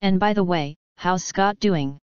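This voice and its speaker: A drawling, smirking young bully, menacing and mocking, as a woman reads him in a storybook. The voice sits low and sounds very smooth and clear. The recording is dry and a little dull. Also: unhurried, darkish tone, no room sound, lightly acted. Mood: smug. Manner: drawling, smug.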